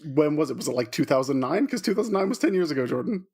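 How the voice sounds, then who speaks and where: A man's voice: a little high, animated, rapid-fire, a little mellow, breathy edge. A man with a Southern US accent co-hosting a podcast in casual chat, teasing and giggly. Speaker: podcast co-host.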